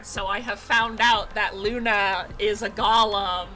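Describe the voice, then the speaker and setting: A young woman streaming a game, excitable and loud, swearing, laughing and screaming as she plays. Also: medium pitch, measured pace, soft background music. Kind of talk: let's play commentary.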